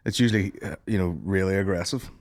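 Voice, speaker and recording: A man's voice: low-pitched, fast, a little mellow. A man with a Northern Irish accent co-hosting a podcast, joking crudely and slipping into mock voices. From Northern Ireland. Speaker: podcast co-host. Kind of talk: casual banter.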